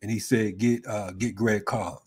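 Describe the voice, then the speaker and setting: A man hosting a live online interview, asking halting questions with many fillers and answering with short affirmations. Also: fairly low pitch, steady tone, darkish tone, slightly rough. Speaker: host. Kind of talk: casual interview chat.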